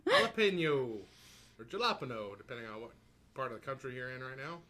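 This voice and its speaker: A man hosting a spicy-food challenge video, talking in an animated way with dramatic groans. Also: mid-range voice, very fast, slight background noise. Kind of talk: casual challenge video banter.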